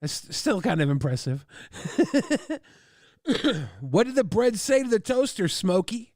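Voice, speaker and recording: A male streamer talking casually over a trailer, excitable and profane, laughing at his own jokes. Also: sits high, slow, no echo, studio quality. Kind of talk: casual livestream commentary.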